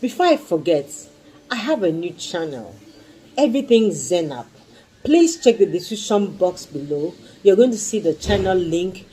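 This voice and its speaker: Gushing woman with a mellow voice. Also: lowish voice, sing-song, normal speed, a little hiss or hum, low-quality recording. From Nigeria. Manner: gushing, repeats exclamations and pleas. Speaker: skincare vlogger. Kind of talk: casual product review.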